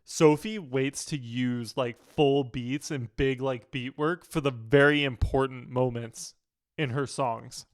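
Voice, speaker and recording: Man, mid-pitched, clear and smooth, an excitable reaction-channel producer. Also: slow. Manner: enthusiastic, often hums and vocalizes sounds to explain them. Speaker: music producer reacting to an album. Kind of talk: casual reaction commentary. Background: faint music playing.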